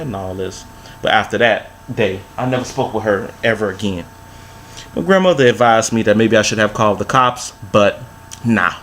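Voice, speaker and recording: A man's voice: on the low side, a bit bright, slight background noise. A man in his thirties telling a long personal story to camera in a laid-back, repetitive way with street slang. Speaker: vlogger. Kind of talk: casual storytelling monologue.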